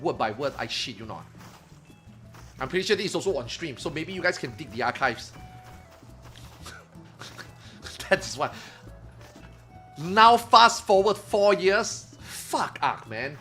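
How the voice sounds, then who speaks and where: A man streaming, telling a story to his chat in a casual, animated way, swearing and loudly acting out what others said. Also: medium pitch, normal speed, pauses often, faint music behind. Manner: animated retelling, acts out quotes loudly, swears, laughs.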